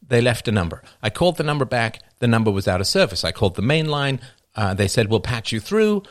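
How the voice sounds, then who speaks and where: A man's voice: on the low side, no echo, studio quality. A middle-aged man hosting a livestream, talking in a wry, rambling way while answering questions. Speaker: livestream host taking questions. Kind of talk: casual livestream monologue.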